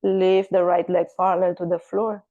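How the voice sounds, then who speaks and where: A woman guiding a gentle yoga class, giving calm, unhurried cues and breath counts. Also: lowish voice, lo-fi sound. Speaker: yoga teacher.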